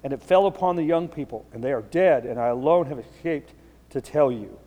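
A middle-aged man preaching a sermon as a pastor, telling a story earnestly and dropping low and soft at the sad moments. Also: animated, a little fast, long reverb tail, muffled recording.

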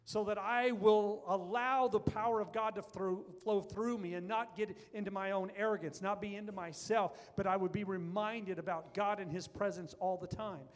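A man's voice: high voice, fairly even intonation, normal speed, few pauses. A man preaching a sermon as pastor, earnest and building to fervent emphasis. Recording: long reverb of a large hall.

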